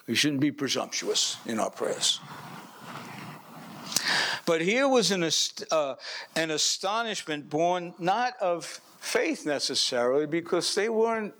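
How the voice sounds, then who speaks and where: Preacher, male, animated delivery, acts out scenes, somewhat high voice, restarts a lot. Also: a little slow. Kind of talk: sermon.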